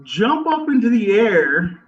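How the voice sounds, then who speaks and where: A man playing a tabletop game, describing his character's actions deliberately, step by step. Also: high voice, big pitch swings. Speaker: player. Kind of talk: tabletop role-play. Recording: distant, dull lo-fi mic.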